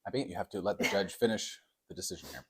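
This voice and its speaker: A man's voice: sits low, quick pace, slightly rough. A young man, playfully judging baked goods on camera in a mock-serious way, with lots of fillers. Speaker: taste-test judge. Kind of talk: casual on-camera food review.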